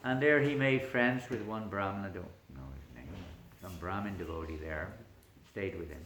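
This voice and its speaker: A man, a spiritual teacher, telling a story in an animated lecture, often chuckling. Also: low voice, moderate pace, a little hiss or hum. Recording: echoey room.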